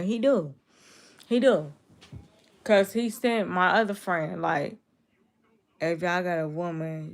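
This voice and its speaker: A young woman from Chicago is streaming live and answering her chat as she goes. Her voice sits a little low and has a gravelly, fried edge, which viewers keep mistaking for a cold. She talks to her viewers directly, in a casual, unscripted way. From Chicago, USA. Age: 20s. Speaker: livestreamer.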